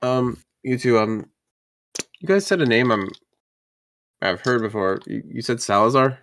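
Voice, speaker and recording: A man's voice: medium pitch, unhurried, fairly bright tone. A man voicing a nervous, apologetic elf tavern patron who stammers and hesitates. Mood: curious. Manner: hesitant, stammering, full of ums.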